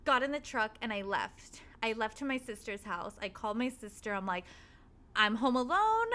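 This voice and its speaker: A woman telling a spooky personal story in casual chat, animated and swearing freely as she acts out what people said. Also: fairly high pitch, a little fast. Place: apartment.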